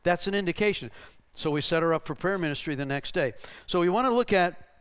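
A man's voice: high voice, animated, fast talker, smooth. A man preaching in a church, telling stories conversationally and checking in with "right?" while acting out voices. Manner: conversational, tags lines with "right?", acts out the voices in his stories. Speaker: pastor. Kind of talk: sermon teaching with anecdotes.

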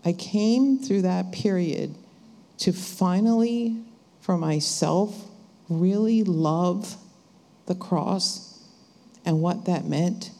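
Slow, low-voiced woman reflecting on faith. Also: mellow. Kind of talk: church testimony talk. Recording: hall reverb.

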